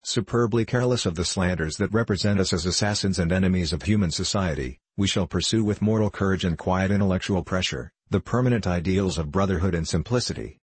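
A young male anarchist orator, declaiming in a low, penetrating voice that runs very deep, as an audiobook narrator puts him on. His tone is husky and dry, close to the mic, and he builds his case in rhetorical, impassioned periods. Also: fast, few pauses, dry recording. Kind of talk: audiobook character voice.

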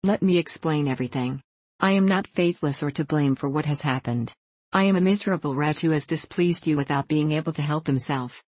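An earnest young king from a storybook, begging and true-hearted, as the reader puts him on. The voice sits at a middling pitch. It is dry and close, with no room sound. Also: fairly quick, no room sound, natural voice. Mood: pleading. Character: young king, desperate faithful lover. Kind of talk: storybook reading.

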